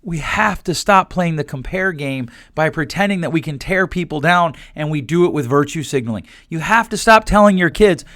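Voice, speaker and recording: A man's voice: fairly high pitch, animated, normal speed, hardly any pauses, fairly bright tone, no echo, studio quality. A man in his forties hosting a solo podcast, talking bluntly and animatedly, quoting people in put-on voices. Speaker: podcast host.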